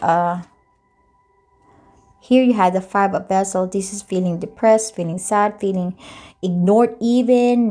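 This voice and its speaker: A woman's voice: medium pitch, dark tone. A woman reading tarot cards in a chatty, loose way, often repeating and rephrasing herself. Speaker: tarot reader.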